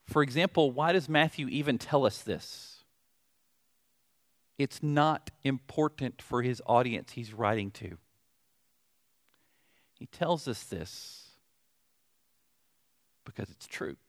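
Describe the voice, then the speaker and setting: A middle-aged man with a Southern accent preaching a sermon, telling a story in an animated way with joking asides. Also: mid-range voice, slow, long pauses. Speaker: pastor.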